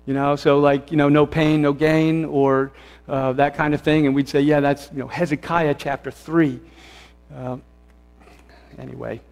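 A man's voice: a little high, flat delivery, moderate pace, gravelly, a little mellow. A man pastor preaching a sermon in a church, conversational and self-correcting, rising to fervent emphasis. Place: church sanctuary. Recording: long hall reverb.

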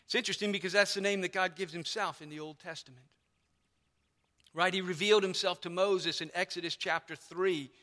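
A man preaching a sermon as pastor, explaining a passage with animated emphasis. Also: high-pitched, brisk. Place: church sanctuary. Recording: long hall reverb.

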